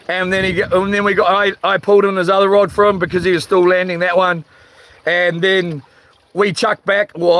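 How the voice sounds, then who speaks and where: A man talks slowly and loosely into his phone while fishing at night, pausing often as he hunts through chat messages. His voice sits fairly high and bright, with a slightly rough, tired edge to it. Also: a little hiss or hum. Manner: rambling, halting, reads chat comments aloud. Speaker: livestream host. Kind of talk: casual livestream chat. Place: outdoors on a rock by the water at night.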